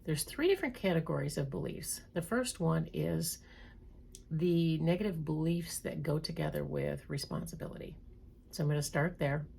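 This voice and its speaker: A woman therapist giving a calm, measured educational talk, reading items slowly. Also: low-pitched, vocal fry, a little hiss or hum. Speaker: trauma therapist.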